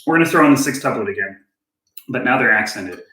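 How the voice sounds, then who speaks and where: Here a man of medium pitch talks at a quick pace while giving an informal drum lesson. Relaxed and self-mocking, he reasons out loud and jokes when he gets things wrong. Drumming and clicks fill the roomy recording, made in a room with a kit and a click track.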